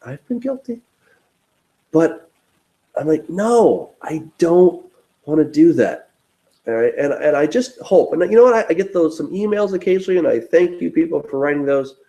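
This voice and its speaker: A man's voice: fairly high pitch, dark tone, poor audio. A man teaching a conversational Bible study, earnest and self-deprecating, acting out inner dialogue in quoted voices.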